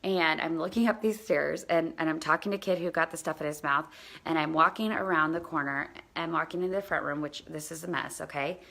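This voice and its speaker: A woman host telling a parenting story in a casual, animated way, acting out what people said. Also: low voice, fairly quick, gravelly. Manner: animated, acts out quoted dialogue, drops to near-whisper for quotes.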